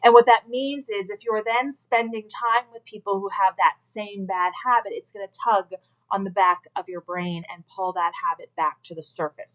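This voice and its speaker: A woman lecturing her students in a recorded class session, leaning on words for emphasis and moving her voice up and down as she explains. The sound is dull and lo-fi, like a simple lecture capture. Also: medium pitch. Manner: lively, emphatic teaching. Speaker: instructor.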